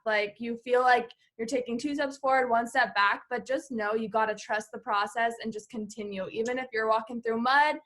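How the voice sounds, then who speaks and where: A woman's voice: on the high side, fairly even intonation, moderate pace, few pauses, fairly bright tone. A woman hosting a team video call, gushing and effusive, with "like" in nearly every phrase. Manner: gushing, heavy use of "like". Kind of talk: casual video call chat.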